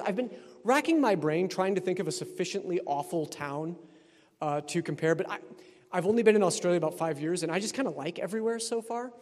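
A Texan priest with a drawl delivers a sermon in an easygoing, conversational way, tossing in dry humorous asides. His expressive, fairly quick voice is a little higher than most men's, with a darkish tone and the long reverb of a church around it.

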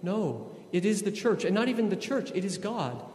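A man giving a sermon as a priest, animated and conversational, often acting out voices. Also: high voice, moderate pace. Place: church. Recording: echoey church with long reverb.

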